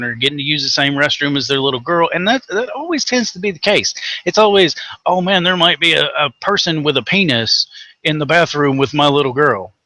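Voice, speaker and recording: Man, southern tennessee accent, angry rant, sarcastic, constant swearing, bright forceful voice, dry close sound. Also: on the high side, no room sound. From Tennessee, USA. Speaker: co-host of a rant show. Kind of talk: profane ranting commentary.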